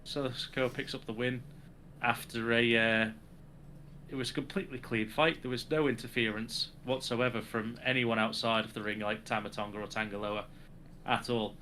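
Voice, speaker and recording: Bright-voiced man recapping wrestling. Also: medium pitch, little pitch movement, moderate pace, slight background noise. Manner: sarcastic, recaps segments with acted quotes. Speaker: podcast co-host. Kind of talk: casual wrestling chat.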